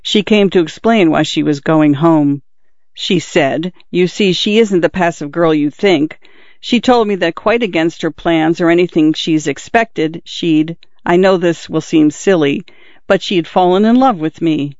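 A bashful young man in love, talking in a hurried, embarrassed rush, as a male reader puts him on. The voice sits a little high, and the recording is dull and dry, with no room sound. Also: darkish tone, dry recording. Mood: earnest. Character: young man, flustered and newly engaged.

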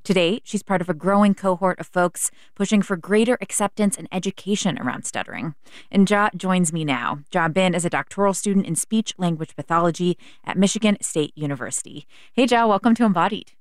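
A woman hosting a public radio interview show from a studio, speaking in a calm, measured way. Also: on the low side, dry recording.

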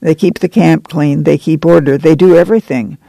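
A man's voice: on the high side, fairly even intonation, normal speed, gravelly, dark tone, dry recording. A man playing a friendly camp manager. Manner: easygoing, plainspoken folksy talk.

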